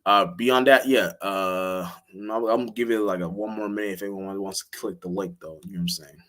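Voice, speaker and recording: A man's voice: steady tone, fairly quick. A man, hosting a livestream and talking in a rambling, profane way, full of restarts and fillers. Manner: jumps to a much higher, louder voice when acting out what he or others would say. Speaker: livestream host. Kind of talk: casual livestream monologue.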